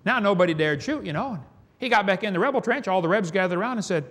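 A man's voice: sits high, animated, quick pace, fairly bright tone. A man preaching a sermon, telling folksy stories with chuckles.

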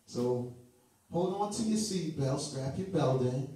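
A man's voice: a little high, dark tone. A man preaching a sermon with fervour, moving between sing-song chanting and joking asides to the congregation. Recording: echoey room from far off with music. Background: music.

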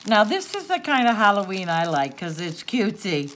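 A woman's voice: on the low side, very animated, moderate pace, few pauses, a bit bright. An older woman hosting a craft channel, gushing and tearful as she opens a gift, gasping and laughing often. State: tearful, sniffling. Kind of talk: casual unboxing chat.

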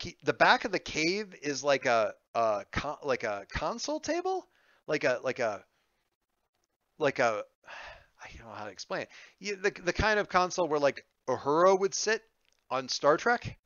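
A man running a tabletop game, rambling along with easygoing ums and restarts. His voice is bright and smooth, recorded close and dry through slightly dull, lo-fi audio. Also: on the high side, no room sound. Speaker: game master.

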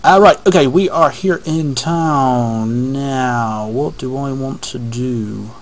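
A man hosting a casual let's play, rambling along and talking to himself as he plays. His voice sits at an ordinary middle pitch, and it is picked up by a webcam microphone rather than a headset. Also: takes it slowly, a little hiss or hum, rough recording. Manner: rambling, chatty, talks to himself while playing. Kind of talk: casual gameplay commentary.

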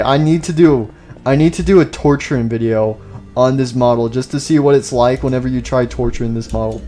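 An excitable young man narrates his gameplay in a loose, joking way, breaking into loud outbursts now and then. His voice sits at an ordinary middle pitch for a man. Game music plays faintly behind him. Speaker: gaming YouTuber. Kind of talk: casual gameplay commentary.

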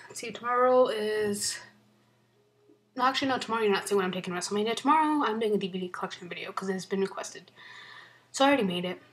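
A young woman chatting excitedly in a casual unboxing vlog from her bedroom, rambling, swearing often and sometimes whispering. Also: mid-range voice. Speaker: vlogger.

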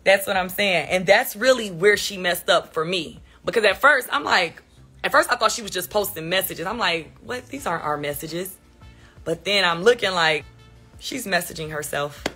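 A woman's voice: on the low side, lively intonation, moderate pace, sharp tone, slightly rough, soft background music. A woman hosting a casual commentary chat, talking in a chatty, sarcastic way. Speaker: host.

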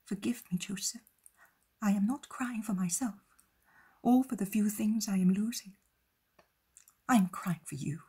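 A woman voicing Mary, a tender, sorrowful young mother, in a soft breathy voice. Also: mid-range voice.

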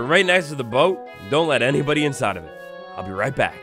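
Animated young man narrating a game. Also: medium pitch, fast talker, faint music behind. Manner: playful, theatrical, talks to game animals. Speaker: gaming YouTuber. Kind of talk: Minecraft let's play commentary.

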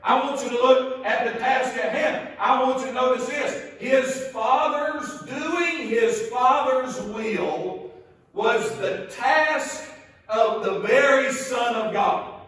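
High-voiced Southern preacher in echoey church. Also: male voice, fairly bright tone, far from the mic. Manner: slow, emphatic, repeats key phrases. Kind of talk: sermon. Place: church sanctuary.

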